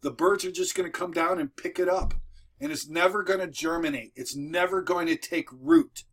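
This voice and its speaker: Speaking from home with dogs nearby, a man with a high-pitched, expressive, fairly bright voice and a breathy edge talks to camera at normal speed. His casual motivational video for moving business owners is folksy and repetitive, with many restarts.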